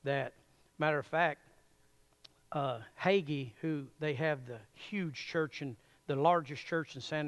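A man preaching a sermon in a church, folksy and animated, chuckling often as he addresses the congregation. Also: a little high. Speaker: pastor.

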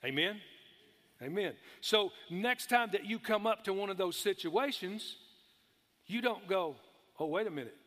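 A man's voice: high-pitched, expressive, unhurried, fairly bright tone, long reverb tail. A man preaching a sermon, emphatic, calling for amens and stretching out key words.

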